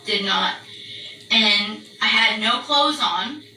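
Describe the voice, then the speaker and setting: Woman, casual storytelling, animated, swears a lot, piercing bright tone, distant mic, faint noise. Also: mid-range voice, slow, roomy sound. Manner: animated, swearing, acts out the barking and screaming.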